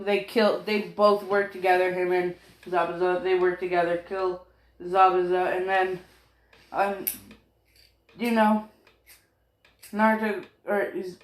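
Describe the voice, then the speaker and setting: Slow, rambling, swearing young man. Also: high-pitched, reverberant. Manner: rambling, profane, full of fillers and apologies. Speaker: fan story narrator. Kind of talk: rambling casual fan-story narration.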